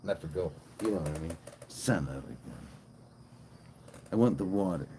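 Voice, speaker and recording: A man's voice: low voice, expressive, normal speed, warm tone, a little hiss or hum. Rambling, joking man. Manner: joking, rambling, swears freely. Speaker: live streamer. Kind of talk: casual rambling stream chat.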